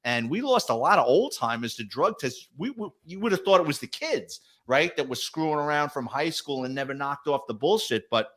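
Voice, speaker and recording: With few pauses and a fairly quick pace, a middle-aged ex-police detective rattles off casual stories as a guest, swearing heavily and acting out quoted voices. His voice is on the high side, his manner animated and profane.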